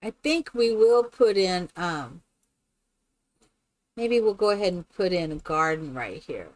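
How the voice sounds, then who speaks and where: A woman's voice: on the low side, expressive, measured pace, darkish tone. A woman streaming a game live, chatting casually with viewers in a rambling, exclamatory way. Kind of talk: casual live-stream chat while playing.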